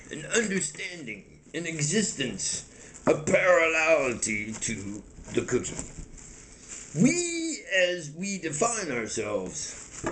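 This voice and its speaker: A man voicing a cookie-obsessed monster who preaches slowly in a very deep, drawling voice. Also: a bit bright, a little hiss or hum, heavily acted. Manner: solemn preaching about a cookie god.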